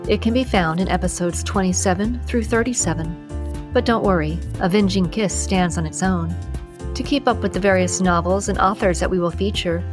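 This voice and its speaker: A woman hosting a podcast, reading an erotic thriller novel aloud in a steady, measured way. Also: on the low side, music in the background. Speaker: podcast host and reader.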